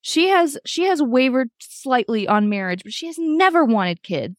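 Higher-voiced woman host, animated and foul-mouthed, recorded close and dry. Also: normal speed, dry recording. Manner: animated, swears freely, acts out quotes. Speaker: podcast host. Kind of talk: casual recap chat.

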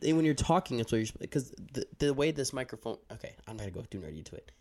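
This young man co-hosts a podcast and runs its audio, and in casual chat he explains his audio habits, rambling and cutting himself off. He talks very fast and animatedly into a handheld mic, with a mid-range, slightly mellow voice.

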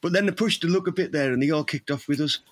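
A man's voice: fairly high pitch, quick pace. A man, rambling and laughing through crude comic banter as a podcast co-host.

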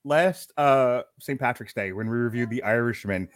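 A man co-hosting a casual film review podcast, animated, laughing often and swearing freely. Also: medium pitch, moderate pace, no echo. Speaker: podcast co-host.

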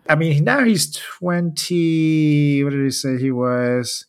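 A podcast co-host chats casually and reads an ad, cracking crude jokes and laughing often. His voice is fairly high, steady, slow, a little mellow and clean.

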